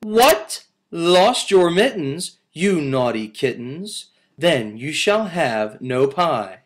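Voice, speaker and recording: A man voicing a mother cat who scolds her kittens in a stern, drawn-out voice for a children's nursery rhyme. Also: fairly high pitch, big pitch swings, pitched above the performer's own voice. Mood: scolding.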